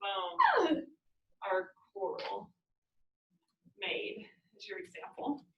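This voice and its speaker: A woman's voice: a little high, expressive, moderate pace, sharp tone, reverberant, far from the mic, highs cut off. A woman teaching poetry meter to students, patiently sounding out words in a sing-song rhythm. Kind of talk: casual poetry lesson with students.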